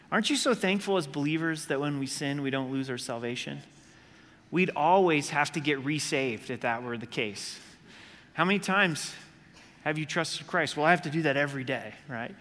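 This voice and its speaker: A man's voice: a little high, normal speed, pushed and bright. Preaching man in a reverberant hall. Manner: conversational preaching with rhetorical questions. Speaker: pastor. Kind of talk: sermon.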